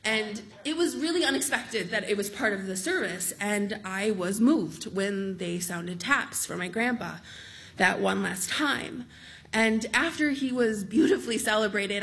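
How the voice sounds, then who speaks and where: A woman telling a true story on stage in a lively, amused, conversational way. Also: mid-range voice, moderate pace.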